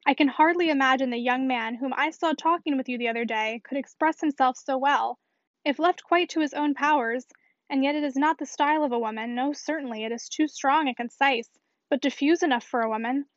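Sure-minded young lady, high voice, dry dull recording, read by a woman. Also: a little fast, dry recording, close to an everyday voice. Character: clever young lady, confident and decided.

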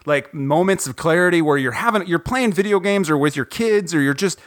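A man from Ohio hosting a podcast from home, chatting casually in an animated, joking, rambling way with lots of fillers. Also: on the high side, fairly quick. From Ohio, USA. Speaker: podcast host. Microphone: recording from home, guest on the phone.

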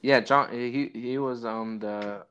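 A man co-hosting a casual comedy chat, rambling and halting as he talks. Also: medium pitch, steady tone, fairly bright tone, smooth, muffled recording. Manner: rambling, halting, self-correcting. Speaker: podcast co-host.

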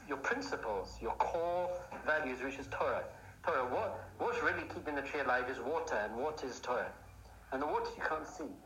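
A man giving a lively Torah class, asking rhetorical questions and building up to excited outbursts. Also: fairly high pitch. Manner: animated, rhetorical questions, bursts into excited shouting. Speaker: Jewish teacher. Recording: echoey room, faint noise.

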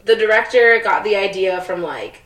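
A young woman in casual chat, cursing freely and getting excitable while retelling a movie plot. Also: mid-range voice, moderate pace, far from the mic. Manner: loose, profane, excitable. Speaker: co-host. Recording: echoey room, off-mic.

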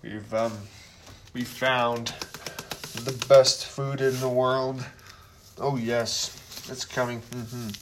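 Man raving about a sandwich in a goofy review vlog, slow drawn-out talk, lots of background hiss. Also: medium pitch. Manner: over-the-top excited, savoring each bite. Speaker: food reviewer. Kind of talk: comedic food review vlog.

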